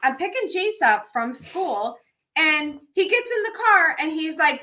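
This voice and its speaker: A podcast co-host tells a story in casual chat, bright and animated but unhurried. She acts out quotes with big jumps in pitch.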